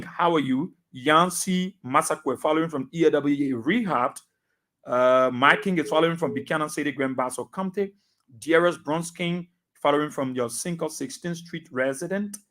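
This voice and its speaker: A man with a Liberian accent, a radio talk show host reading out listener names and greetings in a brisk roll call. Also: fairly high pitch, fairly bright tone.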